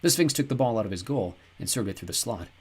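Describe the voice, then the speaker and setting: A male audiobook narrator reads the story in an even, descriptive way. His voice sits low and has a husky edge. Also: fast. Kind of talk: scripted narration.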